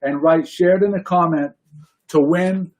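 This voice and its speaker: A man with a somewhat high voice hosts a casual talk show. He talks in brisk, jokey bursts while running a prize draw and reading notices. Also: fairly even intonation, a little mellow. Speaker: podcast host. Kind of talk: casual chat, running a giveaway.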